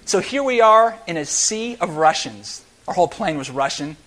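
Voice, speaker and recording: A middle-aged pastor preaches in a church, his fairly high voice leaping up and down as he tells a story. He swings between loud exclamations and near-hushed confession. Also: lively intonation, moderate pace. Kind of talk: sermon. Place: church sanctuary.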